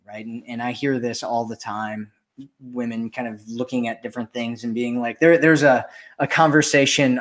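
A man hosting a casual dating advice chat, talking loosely and acting out quoted voices. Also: medium pitch. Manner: animated, acts out quoted voices. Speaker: dating coach and host.

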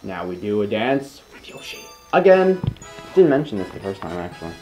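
A young man talks over a video game with his co-player, his pitch leaping up and down as he gets worked up. He teases and swears freely in loose, casual commentary. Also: moderate pace, faint music behind, rough recording. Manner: excitable, teasing, swears freely. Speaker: let's play co-host.

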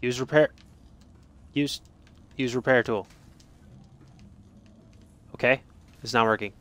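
A man's voice: mid-range voice, fairly even intonation, slow, fairly bright tone. A man giving jokey let's play commentary, reading game text aloud and swinging from mutters to sudden yelps. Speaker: gaming streamer.

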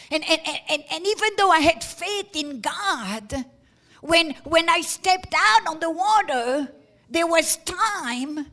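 A woman pastor preaching a sermon emphatically, repeating words as she builds to shouted peaks. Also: extremely high pitch.

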